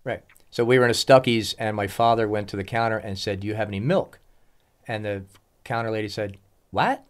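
A man's voice: lowish voice, steady tone, a little fast, clear, resonant tone. A man hosting a podcast, telling jokey anecdotes in casual chat. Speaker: podcast host.

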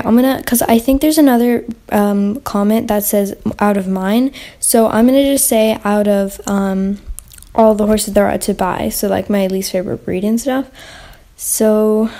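A woman's voice: mid-range voice, warm tone. A young woman hosting a casual gaming Q&A vlog, chatty and rambling with lots of fillers and restarts. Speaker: channel host.

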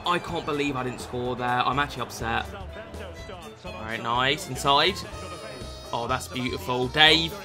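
Excitable man commentating his game. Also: medium pitch, measured pace, faint music behind. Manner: excitable, swearing, addresses viewers as lads. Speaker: football video game streamer. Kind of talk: gameplay commentary.

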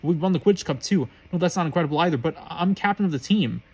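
Defiant young boy wizard, urgent, husky and fast, as a man reads him. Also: a little high, lively intonation, a little mellow. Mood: bluffing.

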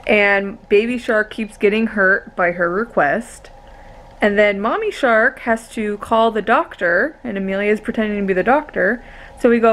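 A young woman and mother filming a casual home vlog on a handheld camera, gushing and excitable. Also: on the high side, a little slow. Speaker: vlogger and mother. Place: family home.

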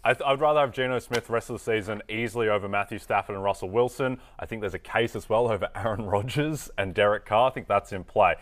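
Low-voiced Australian co-host. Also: male voice, fast, few pauses. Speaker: fantasy football co-host. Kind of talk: sports analysis chat.

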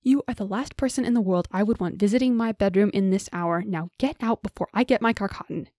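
Hot-tempered young country woman read by a woman, sharp, snarling, dry close sound. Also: medium pitch, brisk, no room sound, close to an everyday voice. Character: fiery young woman raised a country hooligan.

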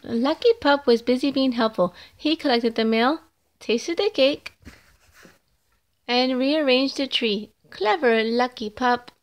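A woman reading a children's picture book aloud, slow and clear. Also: high voice. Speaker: storybook reader.

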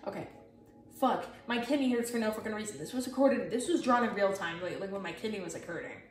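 A woman's voice: medium pitch, fast talker, recorded from a distance, a little hiss or hum. A young woman casually chatting through her sketchbook, rambling, swearing a lot and mocking herself. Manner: rambling, profane and self-mocking. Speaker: artist showing her sketchbook. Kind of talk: casual chat. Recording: echoey and from off-mic, with music. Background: music playing.

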